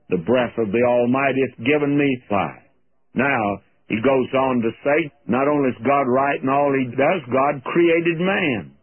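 A man preaches on an old radio broadcast, his husky voice squeezed thin as if through a telephone. He reads scripture aloud, then explains it plainly in a sermon. His pitch rises and falls freely as he teaches. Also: narrow, tinny audio. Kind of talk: sermon, verse-by-verse Bible teaching.

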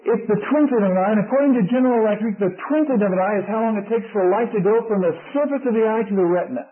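Man, preacher, husky, fervent sermon, thin phone-like sound. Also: sits high, rapid-fire. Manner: earnest, rising to fervent emphasis. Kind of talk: evangelistic sermon. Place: church service with audience. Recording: tinny lo-fi radio broadcast.

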